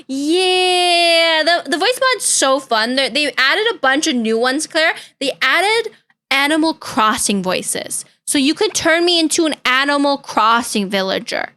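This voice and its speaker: A woman's voice: sits high, very animated, measured pace, sharp tone. A young woman streamer chatting casually and playfully with her viewers, caring and chatty. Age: young adult. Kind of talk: casual reaction-stream chat.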